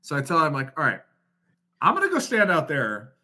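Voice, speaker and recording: A man's voice: on the high side, fairly quick. A man in his thirties, a podcast guest telling a story casually, swearing often and laughing as he goes. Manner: profane, laughing, animated storyteller.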